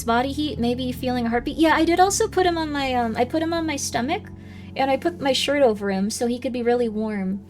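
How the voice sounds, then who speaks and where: Woman streamer, bright high voice, chatty rambler over quiet music. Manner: rambling storytelling with many "like" fillers. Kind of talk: casual livestream chat.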